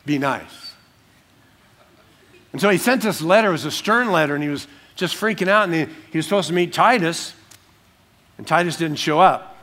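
A man preaches a sermon as pastor, his slightly raised voice swinging between loud emphatic reading and hushed, playful asides. He works verse by verse through the text and slips into little acted-out scenes. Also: a little high, normal speed, pauses often. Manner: animated, acts out little scenes in dropped voices.

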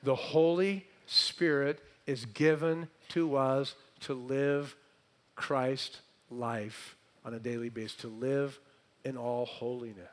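A man delivers a sermon, quizzing his congregation and alternating between loud, emphatic phrases and quiet lines. His voice sits in the mid-range, with a steady tone and a slow delivery.

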